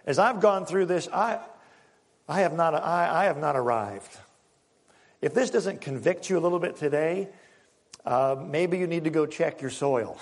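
A man, a pastor preaching a sermon in an animated, conversational way, acting out little scenes for the congregation. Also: on the high side, big-room sound.

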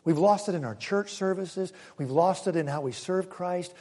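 High-voiced preacher in a reverberant hall. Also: male voice. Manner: emphatic preaching with dramatic pauses, swinging from loud to hushed. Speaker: pastor. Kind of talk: sermon.

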